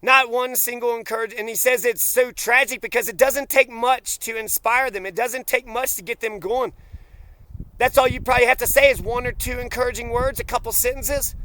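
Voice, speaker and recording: A man's voice: very high-pitched, steady tone, fairly quick, sharp tone. A man delivering a bitter, profane, accusatory personal rant straight to camera. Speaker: vlogger.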